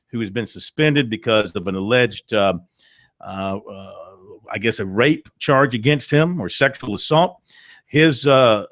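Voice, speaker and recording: A man's voice: mid-range voice, no echo, studio quality. A man hosting a sports talk radio show, reading out news items with fillers.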